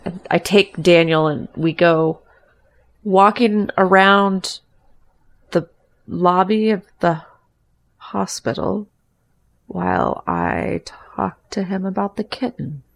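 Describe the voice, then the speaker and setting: Gravelly low-voiced woman narrating her game character. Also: expressive, slow pace, pauses often. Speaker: player.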